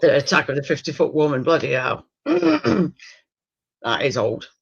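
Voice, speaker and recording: A woman's voice: low voice, wildly swooping pitch, measured pace, gravelly, slightly rough. A woman in casual conversation who mutters blunt remarks and mild curses to herself. Her voice sounds dull and muffled, as if picked up from a little way off the mic. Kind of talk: casual chat.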